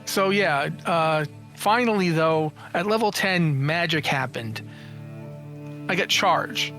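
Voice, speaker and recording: A man in his forties with a high, light voice tells stories as an interview guest. He is animated and jokey and acts out what people said, with frequent restarts. Faint music plays under him. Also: slow pace. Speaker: interview guest, games journalist and writer. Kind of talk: casual storytelling in an interview.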